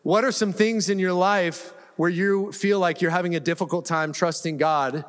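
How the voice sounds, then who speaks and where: Male pastor, high voice, casual storytelling sermon, long church-hall reverb. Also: steady tone, moderate pace. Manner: conversational, humorous storytelling preacher. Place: church sanctuary.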